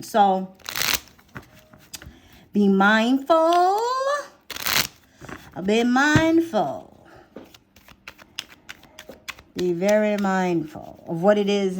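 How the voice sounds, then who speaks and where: A tarot reader with a mid-range voice chats casually through a reading, repeating herself for emphasis and whispering as she draws cards, with noise in the background.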